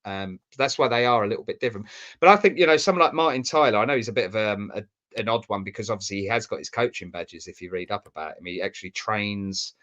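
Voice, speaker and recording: Fast-talking man on dull audio. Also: fairly low pitch, fairly bright tone. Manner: rambling, searches for words aloud. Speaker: podcast co-host. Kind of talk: casual football chat.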